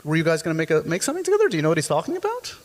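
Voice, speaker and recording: A man's voice: fairly high pitch, huge pitch swings, rapid-fire. A man hosting an interview, asking questions in a joking, teasing way. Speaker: interview host. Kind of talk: interview chat.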